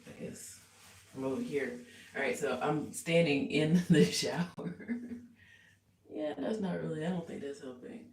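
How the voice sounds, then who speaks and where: A woman's voice: very deep voice, warm tone, slight background noise. Rambling woman in an echoey bathroom. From United States. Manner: rambling and reflective, many fillers. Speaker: musician and vlogger. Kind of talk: casual live get-ready-with-me vlog. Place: small hotel bathroom indoors.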